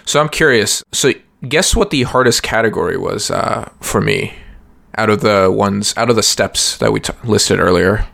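A man's voice: on the low side, normal speed, creaky, a bit bright. A young man co-hosting a podcast, chatting casually and rambling, with lots of "like" and restarts. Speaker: podcast co-host. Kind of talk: casual chat.

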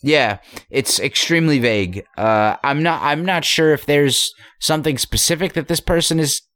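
A man in casual chat, talking through a story he read, halting with many restarts and fillers. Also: fairly high pitch, fairly bright tone, no room sound. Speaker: story discussion co-host.

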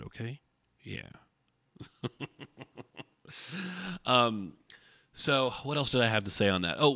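A man's voice: on the low side, fairly bright tone, no room sound, clean studio sound. A man hosting a solo fitness podcast from his home desk, speaking conversationally and working through explanations with analogies, sometimes swearing when annoyed. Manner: conversational, explains with a traffic-cop analogy, flares into mild swearing. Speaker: podcast host. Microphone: desk microphone.

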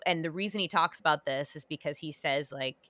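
A woman's voice: sits low, brisk, sharp tone, dry recording. A woman hosting a podcast, chatting casually with lots of fillers and restarts. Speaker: podcast host. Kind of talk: casual chat.

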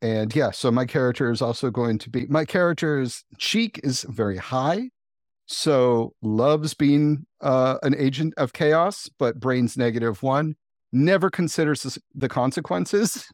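A man's voice: medium pitch, a little slow, dry recording, studio quality. A man playing in a tabletop game, chatting casually and laughing often as he tells stories. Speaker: player.

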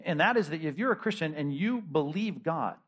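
A man's voice: a little high, expressive, brisk, husky. A middle-aged man, a pastor, preaching a sermon in a conversational, emphatic way, with rhetorical questions and frequent restarts.

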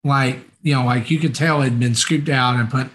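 A man's voice: medium pitch, fairly quick, a little hiss or hum. A man co-hosting a podcast, telling a story in casual chat, full of fillers, acting out what people said. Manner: animated, acts out quoted dialogue, many fillers. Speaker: podcast co-host.

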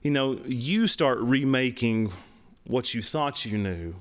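A man's voice: medium pitch, slow. Man telling his testimony. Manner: animated, laughs while telling stories, voice jumps way up for emphasis. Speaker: podcast co-host. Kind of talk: casual testimony storytelling.

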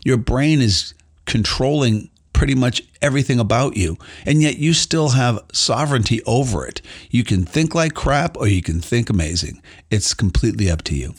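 A man's voice: medium pitch, animated, moderate pace, husky. A middle-aged man hosting his podcast, giving an earnest, emphatic motivational monologue in a conversational way. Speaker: podcast host.

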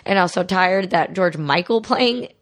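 A woman's voice: fairly low pitch, normal speed. A woman co-hosting a casual podcast chat, candid and blunt, swearing casually as she tells stories. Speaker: podcast co-host.

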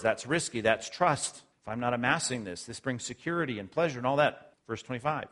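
A man preaching a sermon as a pastor, explaining scripture earnestly, sometimes loud and sometimes soft. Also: medium pitch, a little fast, hardly any pauses.

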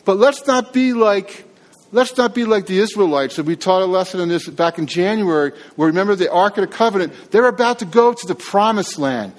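A man's voice: sits high, fairly quick. A man preaching a sermon as pastor in a church, earnest and conversational, often restarting his phrases.

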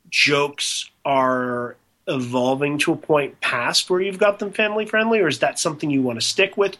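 A young man hosts a casual podcast interview. His voice is bright and forceful at a middle pitch, and he talks in quick bursts padded with filler words. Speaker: podcast host.

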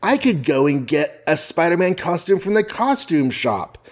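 A man's voice: a little high, very animated, moderate pace, voice pushed up. A man voicing a teenage male superhero in a comic recap, speaking casually and eagerly.

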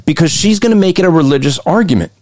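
Male co-host, pushy and emphatic, slightly raised pitch, breaks down clips for listeners. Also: expressive, fast, a little mellow, dry recording, studio quality. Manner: emphatic, argumentative, often shifts pace. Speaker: podcast co-host. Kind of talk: commentary on played interview clips.

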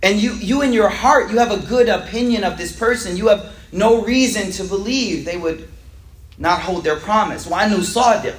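A man with a high voice leads a casual religious lesson, and his speech rings around an echoey room. He rattles off Arabic text at speed, then breaks it down in slangy street English. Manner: reads Arabic lines quickly, then explains them in slangy everyday English. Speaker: teacher of a weekly Islamic class.

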